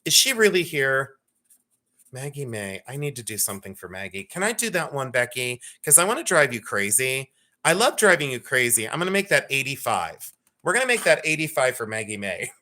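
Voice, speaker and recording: A man's voice: medium pitch, big pitch swings, brisk, pushed and bright. A man hosting a live jewelry sale, chatting casually, joking, teasing and laughing often as he greets viewers. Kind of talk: casual live-stream selling chat.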